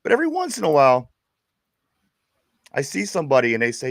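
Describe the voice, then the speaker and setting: A man's voice: a little high, wildly swooping pitch, quick pace, vocal fry, pauses often, dry recording, studio quality. A man from Pittsburgh with a Pittsburgh accent, co-hosting a casual sports chat show, rambling and laughing as he stumbles over his words. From Pittsburgh, USA. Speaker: podcast co-host.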